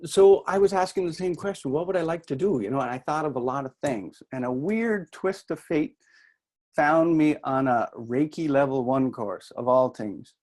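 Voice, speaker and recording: His voice sits on the high side, a little mellow, at a moderate pace. The middle-aged New Brunswick man, whose accent is part Canadian and part Irish, keeps his workshop talk chatty and self-deprecating for the audience.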